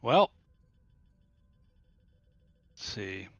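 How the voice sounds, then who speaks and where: A man's voice: very slow, no room sound, lo-fi sound. A man playing a starship captain in a tabletop role-play game, giving orders with many hesitations.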